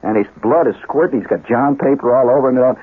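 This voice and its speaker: A man's voice: mid-range voice, fairly quick, husky. A man hosting a radio show, telling a long comic story in a rambling, digressive way with asides. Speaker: radio host. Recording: narrow, lo-fi 1970s radio broadcast.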